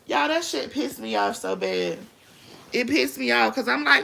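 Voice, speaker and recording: A woman rants on her own livestream, blunt, confrontational and full of profanity. Her voice sits high and sounds bright and edgy, with a gravelly fry running through it. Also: animated, moderate pace. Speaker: livestream host. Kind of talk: ranting live-stream commentary.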